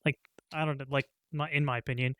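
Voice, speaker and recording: A man's voice: medium pitch, steady tone, fast talker, fairly bright tone, no echo. A young man co-hosting a podcast, laid-back and a bit hesitant, swearing casually as he chats. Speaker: podcast co-host. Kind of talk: casual chat.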